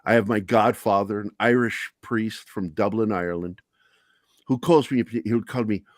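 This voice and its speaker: A man's voice: lowish voice, moderate pace, no room sound, studio quality. A middle-aged man hosting a talk show, telling candid personal stories in a blunt, profane, self-deprecating way. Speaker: podcast host.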